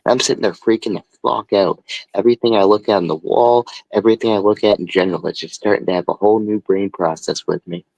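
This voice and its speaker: A man hosting a stream, telling a story in a rambling, profane, animated way. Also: lowish voice, quick pace, creaky, dry recording, highs cut off. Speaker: stream host. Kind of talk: casual storytelling.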